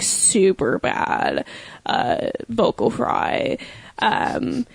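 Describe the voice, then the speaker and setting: A woman in her twenties co-hosts a casual podcast chat, telling stories in a rambling, filler-heavy way. Her medium-pitched voice swings hugely in pitch, with vocal fry and a slow pace, and there's no echo.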